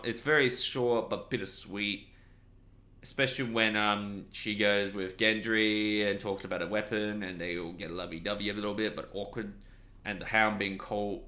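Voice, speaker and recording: A man giving a casual, rambling video review of a TV episode, excitable, swearing freely and often correcting himself. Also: on the low side, clear, resonant tone.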